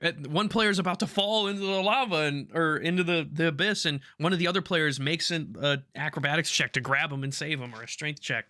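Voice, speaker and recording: A man's voice: on the high side, fairly quick, hardly any pauses, bright, forceful tone, dry recording, studio quality. A man co-hosting a podcast, chatting casually and eagerly about tabletop games. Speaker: podcast co-host.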